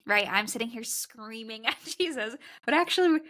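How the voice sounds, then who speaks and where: A woman's voice: a little high, lively intonation, normal speed, bright, forceful tone. A woman hosting a faith podcast, telling a personal story in an earnest, reflective conversational way. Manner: reflective, earnest, often quoting herself. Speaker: podcast host.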